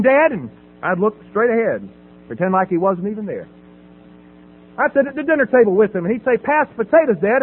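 A middle-aged man giving a personal testimony at a recovery meeting podium, dramatic, swinging from loud emphasis to hushed quiet. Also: sits high, phone-quality sound. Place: at a podium before an audience. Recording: phone-thin audio with faint hum.

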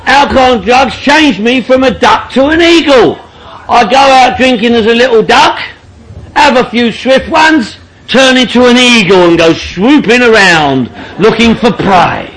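A middle-aged man with a strikingly high voice tells his story to a meeting room crowd. He is blunt and joking, swears freely and laughs through his lines. His tone is bright and sharp. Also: slight background noise, rough recording. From London, England. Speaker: speaker sharing at a recovery meeting. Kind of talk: comic storytelling to a group.

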